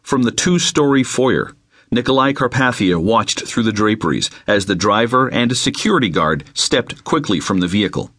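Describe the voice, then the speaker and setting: A man reading an unabridged novel aloud, with measured, dramatic storytelling into a close mic. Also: lowish voice, expressive, a bit bright, no echo. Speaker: audiobook narrator. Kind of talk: scripted narration.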